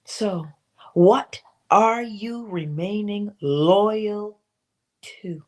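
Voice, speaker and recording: A middle-aged woman speaks very slowly in a medium-pitched, darkish voice. She hosts a morning inspirational livestream with a motivational talk, asking pointed questions and throwing in playful asides to herself.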